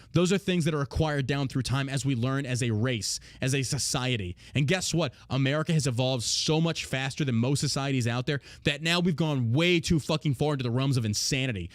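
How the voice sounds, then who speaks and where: A man hosting a podcast, talking in a blunt, heavily profane casual rant with loud, mocking outbursts. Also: medium pitch, no echo, clean studio sound. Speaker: podcast host.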